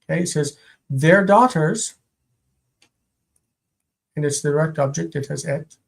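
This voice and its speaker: On a live-streamed homework review, a Biblical Hebrew teacher translates slowly and deliberately, phrase by phrase, fixing small slips along the way. The voice is medium-pitched and creaky, and the recording quality is low.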